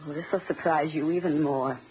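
An actress playing an unhinged wife who has escaped an asylum, taunting and menacing in 1940s radio acting style. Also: female voice, low voice, fairly even intonation, a little fast, husky. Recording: dull old radio recording, faint hiss.

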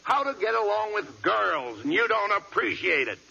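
A man's voice: high voice, sing-song, moderate pace, gravelly, bright, forceful tone, slightly rough. A man doing 1940s radio comedy as an exasperated, bossy straight man. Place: radio studio before an audience. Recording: lo-fi old radio broadcast with audience. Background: studio audience laughter.

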